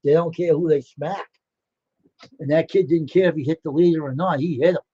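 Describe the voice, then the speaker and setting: A man's voice: a little high, steady tone, a little fast, dark tone, husky, dry recording, highs cut off. An older man hosting a livestream, telling rambling stories in casual chat and acting out the dialogue. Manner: rambling, laughing, acts out quoted dialogue. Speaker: livestream host.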